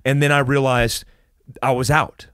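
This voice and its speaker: A man's voice: mid-range voice, normal speed, smooth, no echo, clean studio sound. A man from the United States telling a wild story as a podcast guest, swearing a lot and restarting sentences. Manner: animated, heavy swearing, restarts. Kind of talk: casual storytelling interview.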